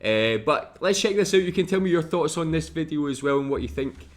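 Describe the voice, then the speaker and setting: A man's voice: fairly high pitch, animated, a little fast. A man, casually reacting and thinking aloud, a bit hesitant. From United Kingdom. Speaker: reaction video host.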